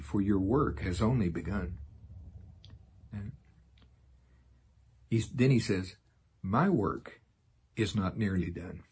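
An older man preaching a sermon in a folksy way, laughing often and slowing down to repeat lines solemnly. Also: on the low side, a little mellow, breathy edge.

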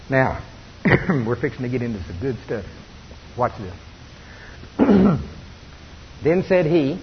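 A man preaching a sermon in a folksy, animated storytelling manner, laughing as he goes. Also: medium pitch. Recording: dull lo-fi recording with long reverb and faint hiss.

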